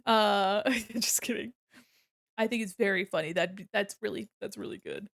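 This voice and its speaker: A woman's voice: mid-range voice, brisk, creaky, fairly bright tone, no echo, clean studio sound. A young woman streaming as she draws, chatting casually in a playful manner, laughing often and swearing freely. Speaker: streamer and illustrator. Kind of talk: casual chat while drawing on stream.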